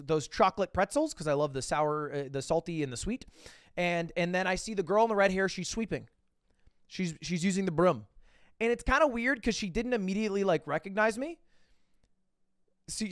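A man's voice: high-pitched, fairly bright tone, smooth, no echo, studio quality. A young man streaming, telling a rambling story to his chat with lots of restarts and swearing.

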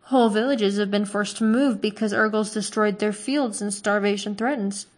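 A woman voicing a cautious male traveling trader in a storybook reading, speaking in a measured, explaining way. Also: medium pitch, fairly even intonation, close to an everyday voice. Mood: grave.

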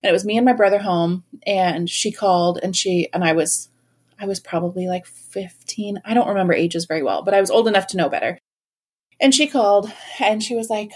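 A woman in her thirties telling funny personal stories as a podcast guest, self-mocking and animated, with lots of "like". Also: mid-range voice, a little fast, breathy edge. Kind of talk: casual storytelling.

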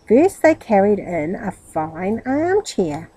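Woman storybook reader, lively up-and-down voice, mellow, husky. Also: mid-range voice, slow, low-quality recording. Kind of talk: reading a children's story aloud.

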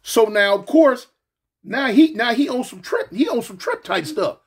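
A man telling a story from his past casually, slangy and animated, acting out the other voices. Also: very high-pitched, normal speed, breathy edge.

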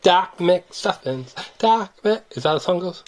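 A woman's voice: lowish voice, fast. A woman hosting a toy-unboxing video, chatting playfully and teasingly with a child as they open surprise eggs. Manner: animated, teasing, sing-song. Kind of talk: playful chat with a child while opening toys.

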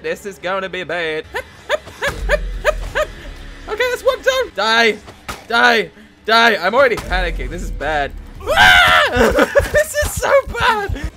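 A man's voice: high voice, very noisy. A man giving panicky, giggly gameplay commentary as a gaming YouTuber. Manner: panicky, giggly, self-mocking.

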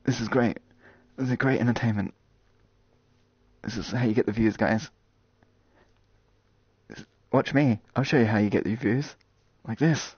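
A man streaming games and chatting casually with viewers, rambling and joking with sudden loud outbursts. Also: mid-range voice, moderate pace, long pauses, breathy edge, dry recording, dull audio. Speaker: gaming streamer. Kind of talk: casual live-stream chat.

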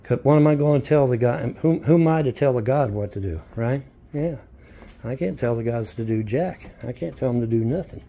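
A man's voice: medium pitch, fairly quick, gravelly, mellow. A man rambling casually while filming himself outdoors by a mobile home. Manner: rambling, talks baby talk to dogs. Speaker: vlogger filmed by commentator. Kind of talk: casual self-filmed vlog.

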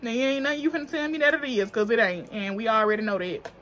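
A woman's voice: a little high, expressive, fast, a bit bright. Chatty woman vlogger, African American English. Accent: African American Vernacular English. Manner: chatty, slangy, profane, laughs often. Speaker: beauty vlogger. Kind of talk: casual makeup review.

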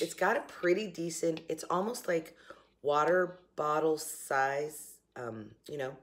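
Chatty Southern woman with a gravelly voice. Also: sits low. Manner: chatty, laughing, upbeat. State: coughing. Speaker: vlogger. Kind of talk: casual morning chat to camera. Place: home kitchen.

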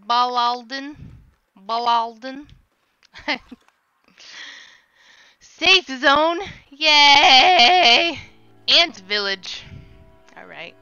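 A high, piercingly bright woman's voice commenting on her gameplay, letting out yelps and shrieks when she panics. She drags her words out slowly into a desk microphone. The recording sounds a little dull, with faint game music underneath. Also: no echo. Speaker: streamer playing a video game.

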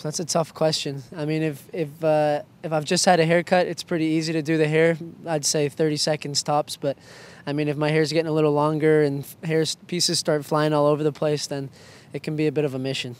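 Young man, soccer player guest, jokey and teasing, higher voice held in a narrow band. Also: level tone, brisk, few pauses. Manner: playful, joking, self-mocking. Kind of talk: casual quick-fire interview answers.

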